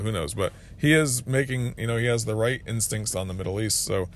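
Low gravelly guy doing a solo podcast rant, earnest, bit of hiss behind him. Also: brisk, hardly any pauses. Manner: earnest, restarts phrases, reads quotes aloud. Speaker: podcast host. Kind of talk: solo political commentary.

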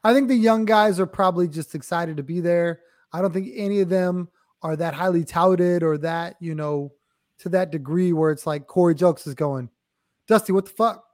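A man's voice: fairly high pitch, moderate pace, darkish tone. A man co-hosting a sports podcast, explaining plays in laid-back slang. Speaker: guest co-host. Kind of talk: casual sports chat.

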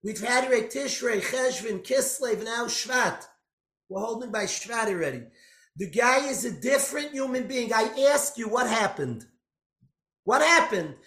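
A man giving an impassioned storytelling sermon, swinging between loud outbursts and hushed lines. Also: extremely high pitch, lively intonation, unhurried. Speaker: speaker giving a religious talk. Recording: echoey room.

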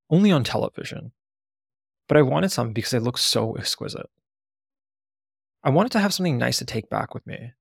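A man's voice: mid-range voice, creaky, dry recording, studio quality. A man narrating a first-person memoir in a blunt, profane storytelling manner.

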